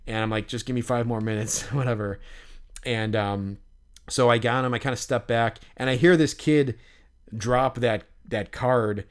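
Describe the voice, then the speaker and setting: A man with a smooth, resonant voice at an ordinary middle pitch. He co-hosts a podcast and tells stories in a loose, animated way. He rambles, piles up "like" and "you know", and swears casually. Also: unhurried. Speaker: podcast co-host. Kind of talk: casual storytelling chat.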